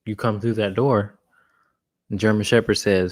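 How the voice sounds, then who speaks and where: A male dog trainer answers questions in a relaxed live session. His voice sits on the low side. He talks bluntly and conversationally, often restarting his sentences. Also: normal speed. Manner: blunt, casual, frequent restarts. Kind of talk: live Q&A talk.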